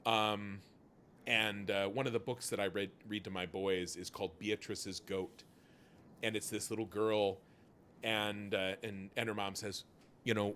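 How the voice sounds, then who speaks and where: A man hosting a charity livestream, telling stories in an animated way and swearing freely. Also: lowish voice, measured pace, slight background noise. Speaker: host. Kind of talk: casual charity stream chat.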